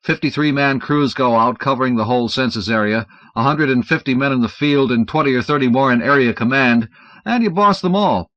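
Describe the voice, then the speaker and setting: A man reading an audiobook aloud in an expressive narrating style. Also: mid-range voice, fairly quick, no room sound. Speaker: audiobook reader. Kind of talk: scripted narration. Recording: dull, dry 1970s audiobook recording.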